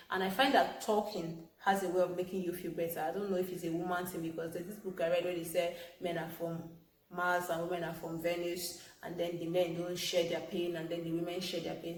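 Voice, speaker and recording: Young woman, casual vlog to camera, earnest and repetitive, lowish voice, roomy echo. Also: slight background noise. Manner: earnest, repetitive, emphatic, with soft laughs. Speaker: vlogger. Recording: echoey room with faint background ambience.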